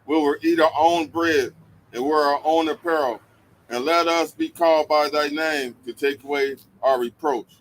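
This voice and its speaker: A man's voice: a little high, moderate pace, slight background noise, poor audio. Man reading scripture aloud steadily. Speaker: scripture reader in discussion.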